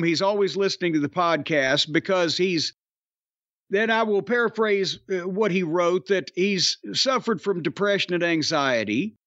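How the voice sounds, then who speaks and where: A man's voice: high-pitched, fairly bright tone, dry recording, muffled recording. A man, hosting a casual podcast with rambling, profane wisecracks. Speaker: podcast host. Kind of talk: casual wrestling podcast banter.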